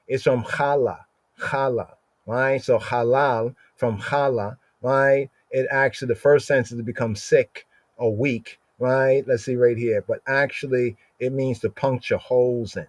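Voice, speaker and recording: A man teaching scripture in a medium-pitched voice, recorded dry and close with no room sound. He reads Hebrew slowly, then breaks each word down, checking "right?" after nearly every phrase. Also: fairly even intonation, dry recording. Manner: explains Hebrew words aloud, repeats "right?" constantly; slows down to read Hebrew verses. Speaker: Bible teacher.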